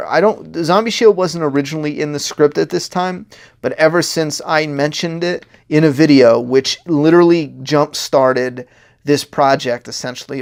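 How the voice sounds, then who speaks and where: A man's voice: medium pitch, vocal fry, clean tone. A man talking casually as a comic writer, walking through his pages in a rambling way, often laughing and acting out characters' lines. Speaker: comic writer giving commentary.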